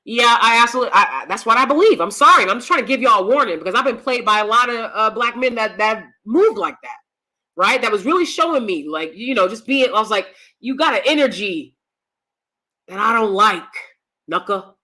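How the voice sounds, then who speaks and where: A woman's voice: fairly high pitch, lively intonation, quick pace, pushed and bright. A woman hosting a live-stream commentary, talking bluntly and profanely and reading out chat comments. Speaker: YouTube commentary host.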